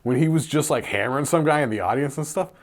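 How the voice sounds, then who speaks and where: A man's voice: a little high, fast talker. A man co-hosting a podcast in casual chat, rambling and swearing casually, trailing off into asides. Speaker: podcast co-host.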